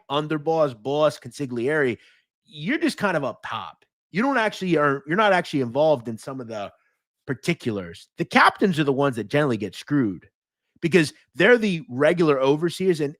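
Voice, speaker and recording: American man, podcast host on a live stream, pitch a touch high and all over the place, blunt and profane, dry close mic. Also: no room sound. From United States. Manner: animated, profane, quick swings between explaining and taunting. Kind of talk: live-stream commentary, answering chat.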